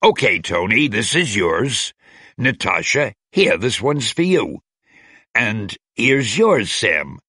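A man's voice: on the low side, very animated, slow pace, sharp tone, slightly rough, no echo, studio quality, heavily acted. A man reading a storybook aloud and voicing a cheerful, fashion-loving superhero woman in a chatty manner. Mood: chirpy.

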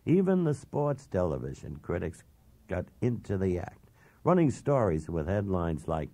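A man's voice: deep voice, sing-song, moderate pace, mellow, dry recording. A man narrating a first-person memoir audiobook in a blunt, self-assured, emphatic way.

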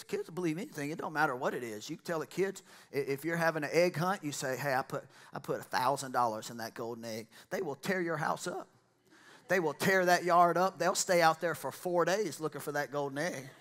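A man preaching a lively sermon, building to loud excited shouts and exclamations. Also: a little high. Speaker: pastor.

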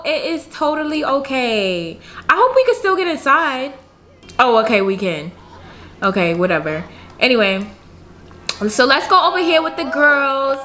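A woman's voice: high voice, bright, forceful tone. A woman casually commenting on her life-sim game in a chatty, slangy, giggly way. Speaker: gaming youtuber. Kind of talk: casual let's-play commentary.

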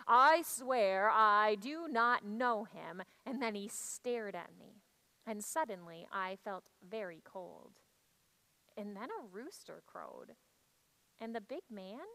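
A woman shares a church story as a first-person dramatic monologue, speaking in a hushed, reflective way. Her voice sits high and sounds bright and clear. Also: rough recording.

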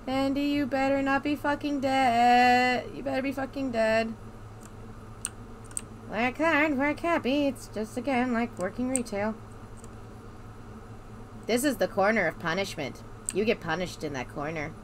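A woman's voice: a little high, unhurried, pauses often, slight background noise. A woman playing a horror game and talking through her nerves, repeating to herself that everything is fine and swearing often. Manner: nervous self-reassuring chatter, swearing. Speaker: gamer. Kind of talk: let's play commentary.

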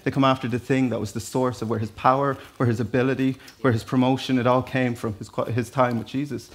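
A man's voice: mid-range voice, flat delivery, quick pace. An Irish man preaching a sermon in a church, talking to the congregation in a conversational, storytelling way with asides. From Ireland. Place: church hall.

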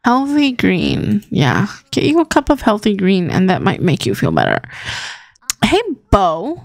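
A woman's voice: mid-range voice, wildly swooping pitch, a little slow, vocal fry, no echo, studio quality. A young woman hosting a gaming channel, chatting casually as she plays and talking to her game characters. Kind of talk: casual gameplay commentary.

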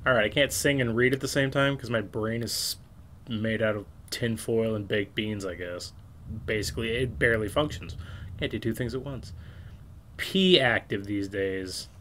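A man's voice: on the low side, normal speed, fairly bright tone, a little hiss or hum. Man, let's-play commentator, rambling and self-mocking, casual swearing. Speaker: game streamer.

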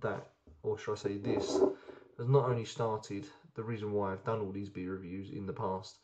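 Guy rambling about beers he loves, lowish mellow voice, lots of ums. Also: flat delivery, moderate pace, lo-fi sound. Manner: chatty, enthusiastic, rambling with many ums. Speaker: beer reviewer. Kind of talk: casual beer review vlog.

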